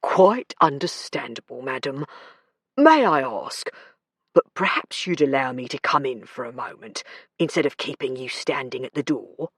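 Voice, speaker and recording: A woman's voice: a bass voice, animated, normal speed, breathy edge, no room sound, clean studio sound, pitched below the performer's own voice, full character voice. A woman voicing a big male detective sergeant with a polite, aristocratic manner. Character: Tom, a large, smooth-talking detective sergeant.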